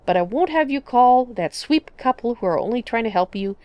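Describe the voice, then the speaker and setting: A shy teenage girl , played by a woman speaks gently and earnestly, with fire beneath. The voice sits close and dry, from a game roleplay. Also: fairly high pitch, animated, a little fast, no room sound, dull audio, voice pushed up, natural voice.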